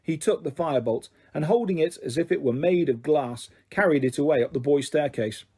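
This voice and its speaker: Husky, mellow male audiobook narrator. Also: a little high. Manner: steady, measured storytelling. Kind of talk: audiobook reading.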